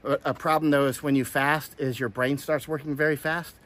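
A man's voice: medium pitch, steady tone, a little fast, a bit bright. A man from Florida giving casual commentary, rambling with many restarts and fillers. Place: outdoors, in hot weather.

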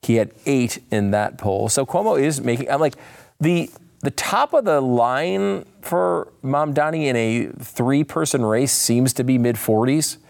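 A man hosting a political commentary show, tired and a bit hoarse, talking in a rambling way that often breaks off and restarts. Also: mid-range voice, unhurried. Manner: rambling, self-interrupting, animated asides. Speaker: show host.

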